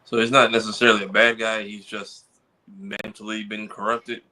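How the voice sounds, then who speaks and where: A man's voice: lowish voice, level tone, normal speed, bright, forceful tone, poor audio. A man co-hosting a podcast, asking short, hesitant follow-up questions in casual chat. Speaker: podcast co-host.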